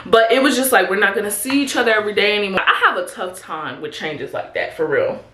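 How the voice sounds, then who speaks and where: A woman's voice: mid-range voice, fast, echoey room, a crowd in the background. A woman in her twenties from Chicago, chatting candidly with her viewers in a casual get-ready-with-me vlog, calling them "y'all" and "honey". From Chicago, USA. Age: 20s. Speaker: vlogger. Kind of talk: casual chat while getting ready.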